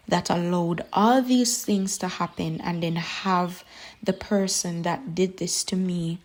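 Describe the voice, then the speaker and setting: A young woman recounts her faith testimony, earnest and halting, pausing often and filling gaps with small fillers. Her voice sits a little low for a woman. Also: steady tone. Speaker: testimony speaker.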